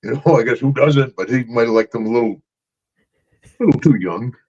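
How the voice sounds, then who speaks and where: An older man co-hosting a podcast in casual chat, gruff and boisterous, with loud shouted asides. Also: medium pitch, brisk. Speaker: podcast co-host, retired wrestler. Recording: dull lo-fi podcast audio.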